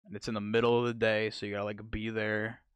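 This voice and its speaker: A man's voice: fairly low pitch, little pitch movement, fast, clear, resonant tone, no echo. A young man co-hosting a podcast, chatting crudely and rambling, full of fillers and laughter. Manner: rambling, giggly, lots of fillers. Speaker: podcast co-host. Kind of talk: crude comedic chat.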